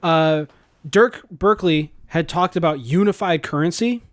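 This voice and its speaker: A man co-hosting a podcast, retelling a movie's plot in loose, rambling chat. His voice sits a little high for a man, and he swears freely and gets animated as he recounts scenes. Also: unhurried. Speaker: podcast co-host. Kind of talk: casual movie-recap chat.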